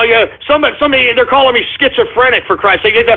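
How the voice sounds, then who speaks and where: A man's voice: very high voice, very animated, quick pace, few pauses. A man hosting an internet radio show, ranting at his listeners in an exasperated, berating way. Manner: exasperated, berating, swears often. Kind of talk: ranting call-in radio monologue. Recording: tinny phone-line sound.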